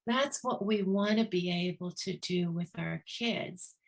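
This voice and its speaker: A woman's voice: on the low side, a little slow, creaky. A woman who leads a children's divorce program, telling a story in an earnest way and acting out the voices of the people she quotes. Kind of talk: storytelling talk.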